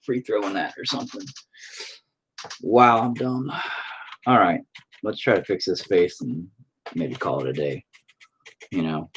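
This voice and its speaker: A man's voice: low-pitched, a little slow, long pauses, fairly bright tone, slight background noise, poor audio. A man chatting casually on a live stream while he paints, rambling, swearing often and joking at his own expense.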